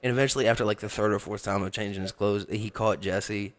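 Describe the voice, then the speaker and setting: A young man co-hosting a podcast talks fast in a steady tone, his voice on the low side. He tells crude stories laced with profanity and laughs often.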